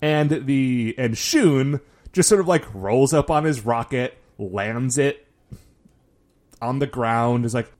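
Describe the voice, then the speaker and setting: A man casually recapping a show with a co-host, animated and acting out quotes, with lots of filler words. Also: mid-range voice, slow. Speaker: podcast co-host.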